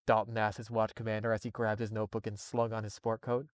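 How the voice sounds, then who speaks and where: A man's voice: fairly low pitch, little pitch movement, fast talker, no room sound, clean studio sound. A man doing a casual live reading of a horror story, swearing freely and breaking off into laughing asides. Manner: profane, laughing, digressive asides. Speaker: story reader, streamer.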